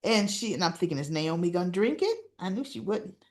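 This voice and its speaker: A woman's voice: lowish voice, big pitch swings, brisk, darkish tone. A woman casually retelling soap opera scenes in a chatty storytelling way, often asking "right?" as she goes. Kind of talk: casual recap chat.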